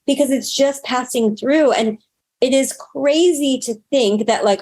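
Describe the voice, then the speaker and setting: A woman spiritual teacher and healer talking casually as an interview guest, animated, acting out her inner voice and swearing freely. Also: high voice, measured pace.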